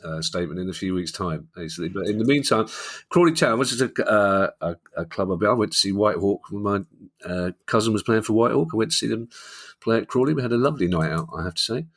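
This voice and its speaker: A man's voice: fairly low pitch, expressive, fast. A man with a London accent co-hosting a podcast, telling jokey stories and laughing often. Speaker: podcast co-host. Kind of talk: casual chat.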